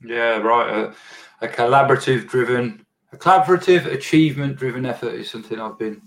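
A man interviewing a guest, asking long, halting questions with restarts. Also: mid-range voice, fairly bright tone, rough recording.

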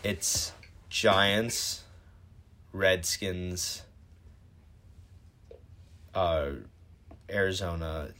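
A young man with a deep, low voice, co-hosting a casual sports podcast. He argues his points with confidence and presses the other host for reasons. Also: steady tone, drawn-out words, pauses often, fairly bright tone. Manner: opinionated, pushy.

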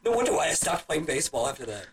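A man's voice: fairly high pitch, big pitch swings, rapid-fire, crowd noise. A teenage boy co-hosting a casual podcast, rambling through stories with many restarts and laughing as he talks. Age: teens. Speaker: podcast co-host. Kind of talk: casual chat. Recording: faint background noise, home podcast setup.

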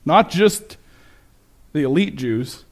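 A man preaching a sermon with slides, conversational and self-correcting, turning animated when he quotes people. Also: fairly high pitch, slow, creaky. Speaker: pastor.

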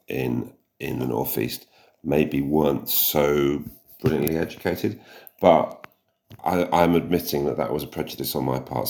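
A man's voice: a bass voice, vocal fry, a little mellow. A man co-hosting a podcast in casual chat, wry and a little hesitant as he picks his words. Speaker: podcast co-host.

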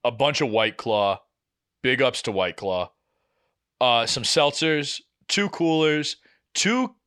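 A young man tells a long, exasperated story on a casual podcast. His voice sits at an ordinary middle pitch for a man. He swears freely and acts out the people in his story as he goes. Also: lively intonation, slow, pushed and bright. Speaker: podcast co-host.

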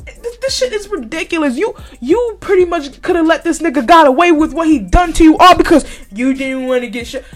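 A woman's voice: high-pitched, expressive, a little fast, hardly any pauses, soft background music. A podcast host, a woman, delivering a blunt, heated commentary rant, swearing constantly and scolding with repeated points.

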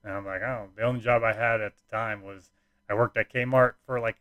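Young man, low-pitched, casual rambling story, fillers, dry room. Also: fairly even intonation, fairly quick, no room sound, phone-quality sound. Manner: rambling, frequent fillers and restarts, nonchalant.

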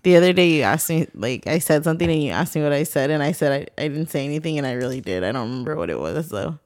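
A co-host chatting casually on a podcast, quiet and laid-back, with laughing asides. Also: medium pitch, lively intonation, fast talker, no room sound. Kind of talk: casual chat.

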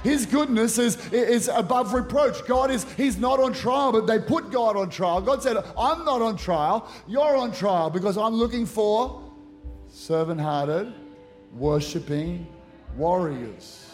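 A man's voice: very high-pitched, expressive, a little slow, hardly any pauses, faint music behind. A middle-aged male pastor preaching a conference sermon into a handheld microphone, emphatic and acting out prayers. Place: large church auditorium at a conference.

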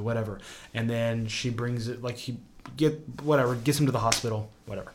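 A man casually recapping a TV show plot, rambling with lots of fillers and trailing off into quiet mumbles. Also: medium pitch, a little fast, a little hiss or hum. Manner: rambling, filler-heavy, drops quiet when quoting characters.

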